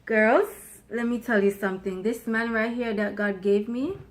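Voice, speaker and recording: Chatty, playful woman, slightly high voice. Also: fairly even intonation, normal speed. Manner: chatty, playful, laughs often; self-described loud mouth. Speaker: co-host, wife. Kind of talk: casual chat about marriage.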